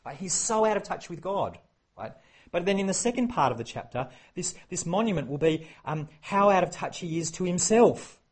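Animated husky preacher. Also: male voice, sits high, normal speed. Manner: animated, acts out quoted exchanges, many fillers. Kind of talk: sermon.

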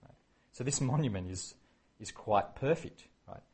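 A man preaching a sermon, animated and acting out the quoted exchanges. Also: mid-range voice, moderate pace, husky. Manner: animated, acts out quoted exchanges, many fillers.

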